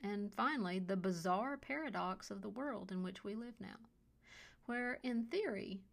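Woman, story podcast host, steady reading voice, vocal fry, mid pitch. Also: normal speed. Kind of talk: scripted story narration.

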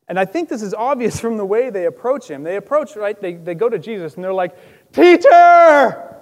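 A male pastor delivering a lively, conversational sermon in church, acting out the people he quotes with sudden loud outbursts. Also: high voice, in a large hall.

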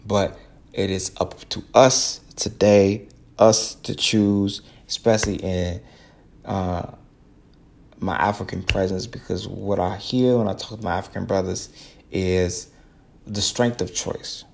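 A young American man talks straight into the mic on his solo podcast, in a low voice with a gravelly edge. He speaks earnestly and leans into sermon-like repetition to drive each point home. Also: steady tone, slow pace. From United States. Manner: earnest, preachy, repeats phrases for emphasis. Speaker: podcast host. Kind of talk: casual solo podcast monologue.

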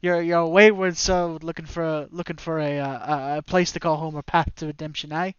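A man's voice: a little high, fairly even intonation, fairly quick, clean tone, dry recording, lightly acted. A man doing a sardonic earthen guild master. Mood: wry. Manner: dry, sizing people up with wry remarks. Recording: slightly dull dry audio.

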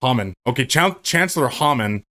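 A man's voice: mid-range voice, lively intonation, a little fast, bright, forceful tone. A man casually recapping a movie scene by scene on a podcast, joking, swearing and breaking into silly voices. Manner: goofy, profane, does silly character voices. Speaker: movie rewatch podcast co-host. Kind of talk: casual movie commentary chat.

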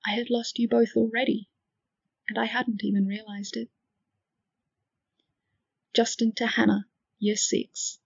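A woman reading an emotional first-person story with a gentle, wistful delivery. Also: on the high side, little pitch movement, unhurried, creaky, long pauses, breathy edge, dry recording. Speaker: fan fiction reader. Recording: dull lo-fi dry recording.

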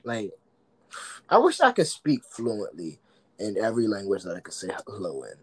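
A man's voice: fairly low pitch, wildly swooping pitch, normal speed, breathy edge, no echo. Rambling slangy man, dry close sound. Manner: rambling, trails off, slangy talk. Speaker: podcast co-host. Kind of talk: casual chat.

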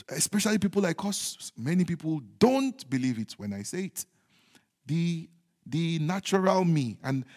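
A man preaching a sermon as pastor, repeating his points emphatically and moving between loud declarations and hushed, joking asides. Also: fairly high pitch. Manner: humorous asides with chuckles. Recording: long hall reverb.

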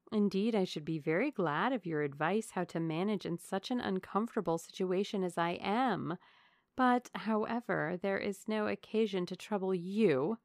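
A woman's voice: medium pitch, dry recording, studio quality, lightly acted. A woman voicing a coy, fawning young woman who confides in a gushing, falsely humble way.

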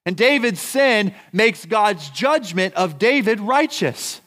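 A man preaching a sermon as pastor, deliberate and emphatic, asking his congregation rhetorical questions. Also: sits high, big pitch swings, a bit bright. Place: church.

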